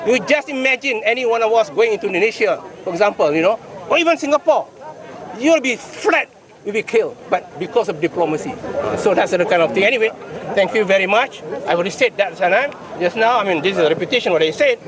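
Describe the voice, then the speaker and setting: A man's voice: sits high, lively intonation, fast talker. An older man with a Malaysian accent, a retired police chief speaking indignantly to the press outdoors, repeating his points for emphasis. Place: outdoors in a city among a crowd. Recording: outdoor press scrum with crowd noise.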